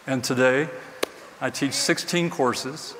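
A man's voice: mid-range voice, slow. A man preaching a sermon in a church, earnest and emphatic, repeating his key phrases. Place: church sanctuary. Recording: distant mic in a reverberant hall with faint noise.

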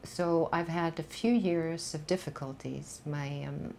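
Older woman, Swedish accent, Swedish native, very low voice, reflective and unhurried, frequent pauses, candid studio interview, faint background hiss. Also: fairly even intonation, creaky, mellow. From Sweden. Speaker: actress guest.

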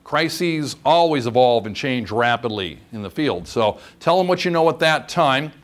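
Lively-voiced male training instructor. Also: mid-range voice, moderate pace. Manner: chatty, demonstrative, asks "okay?" often. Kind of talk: training course lecture.

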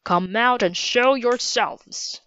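A woman's voice: on the high side, slow pace, smooth. A woman voicing a stern male soldier captain in a storybook reading. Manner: commanding, then softening. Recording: dull lo-fi recording.

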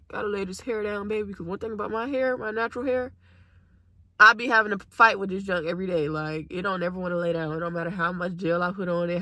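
A woman's voice: on the low side, bright, forceful tone. A woman in her twenties talking casually to her viewers in a chatty, slangy vlog, speaking into a phone camera. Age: 20s. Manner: chatty and slangy, addresses viewers as y'all and baby. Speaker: vlogger. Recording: noisy phone vlog audio.

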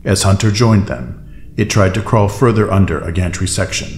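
A man narrating an audiobook in a measured, steady way. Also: sits low. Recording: roomy echo, faint music bed.

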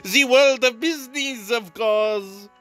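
A woman's voice: on the high side, slow, a bit bright, soft background music, pitched above the performer's own voice. A woman voicing a boastful, scheming travelling merchant with a sly, theatrical manner.

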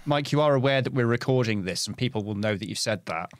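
Dry-sounding brisk podcast co-host man. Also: mid-range voice, dry recording. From South Coast of England. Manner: brisk, keeps the talk on track. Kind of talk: casual podcast chat.

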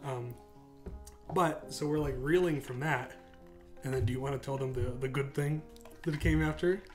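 A man's voice: mid-range voice, moderate pace, faint music behind. Laid-back American man chatting casually. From United States. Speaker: podcast co-host. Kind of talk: casual chat.

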